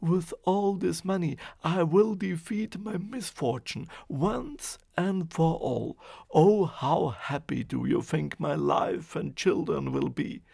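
A man voicing a poor, unlucky middle-aged man who complains loudly in a raised voice. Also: a little high, takes it slowly, creaky, breathy edge, dry recording, studio quality, exaggerated voice. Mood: overjoyed. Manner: loud, complaining.

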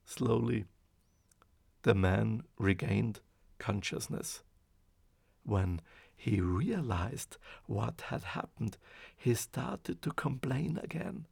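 A man narrating a fairy tale in a slow, expressive reading. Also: lowish voice, creaky, breathy edge, dry recording. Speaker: storyteller. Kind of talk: storybook narration.

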